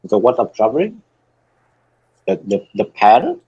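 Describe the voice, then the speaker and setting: A man's voice: on the low side, big pitch swings, measured pace, dark tone, breathy edge, no room sound, dull audio. A man playing in an online tabletop game, teasing and playful on a voice call. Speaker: player. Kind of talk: casual chat on a voice call.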